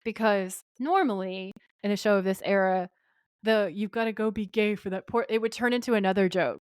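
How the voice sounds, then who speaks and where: A woman's voice: medium pitch, a little fast, clear, resonant tone, no echo, clean studio sound. A woman co-hosting a podcast, casually recapping an episode and acting out the characters' lines as she goes. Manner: animated retelling, acting out quoted lines. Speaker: podcast co-host.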